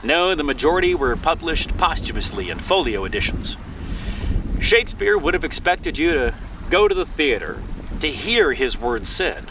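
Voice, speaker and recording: A man's voice: a little high, very animated, moderate pace. Man talking outdoors on a windy beach. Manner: casual, conversational. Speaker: presenter. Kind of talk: lesson introduction. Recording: windy beach, distant mic.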